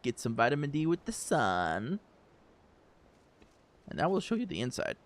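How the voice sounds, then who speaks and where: A man's voice: medium pitch, huge pitch swings, normal speed. A man chatting casually to his viewers while streaming a game, rambling with fillers and easy laughs. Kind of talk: casual gaming stream chat.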